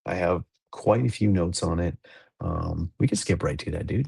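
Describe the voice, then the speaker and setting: A low-voiced man in his thirties chats on a podcast in a loose, rambling way, full of fillers and restarts. The sound is dry and close, with no room around it. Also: animated, normal speed, creaky, darkish tone, breathy edge, no echo. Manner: rambling, laid-back, many fillers and restarts. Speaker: podcast co-host. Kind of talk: casual chat.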